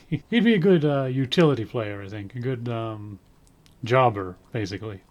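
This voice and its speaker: A man's voice: medium pitch, lively intonation, normal speed, a little mellow, dull audio. A man giving a casual spoken review in a rambling way, full of ums, with dry sarcastic asides. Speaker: wrestling show reviewer.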